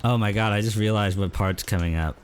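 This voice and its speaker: A man streaming a horror game, chatting casually and hesitantly with many fillers, now and then yelling at the game. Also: a little fast, clear, resonant tone. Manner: rambling, hesitant, lots of fillers; yelps at the game in a higher voice. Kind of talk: casual gameplay commentary.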